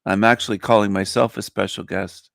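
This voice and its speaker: A man's voice: fairly low pitch, fairly even intonation, a little fast, a bit bright, no room sound, studio quality. A man hosting a casual livestream, boastful and mocking, stretching out words for emphasis, his voice groggy after a nap. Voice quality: gravelly. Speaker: livestream host.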